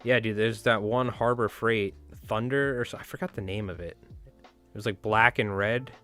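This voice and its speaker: Brief: casual male stream host, lowish voice, rambling and profane, soft music underneath. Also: moderate pace. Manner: rambling, swearing, chatty, talks to viewers. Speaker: fly tying livestream host. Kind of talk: casual livestream chat while tying.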